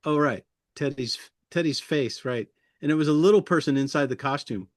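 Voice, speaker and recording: A puppeteer appears as an interview guest, chatting casually, chuckling often, and rambling loosely through his memories. His voice is fairly high and his speed normal. The studio sound is clean, with no echo.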